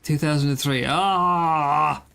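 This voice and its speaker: A man's voice: mid-range voice, measured pace. A man in his thirties chatting casually with viewers while streaming a game. He rambles in a self-deprecating way and sounds tired after an early start. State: tired, yawning. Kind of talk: casual live-stream chat while gaming.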